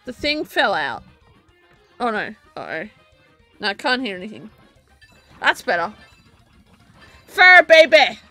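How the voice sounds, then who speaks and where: A drunk woman streaming from home, talking loudly, rambling and giggling at a desk mic. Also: medium pitch, big pitch swings, unhurried, pauses often, faint music behind. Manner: loud, rambling, laughing. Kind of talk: casual live-stream chat. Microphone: desk microphone.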